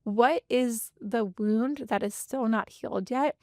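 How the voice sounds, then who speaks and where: A woman in her thirties hosting a podcast, talking earnestly and from the heart, speeding up and slowing down to stress her points. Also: on the high side, dark tone, dry recording, studio quality. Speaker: podcast host and business coach. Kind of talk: candid motivational podcast monologue.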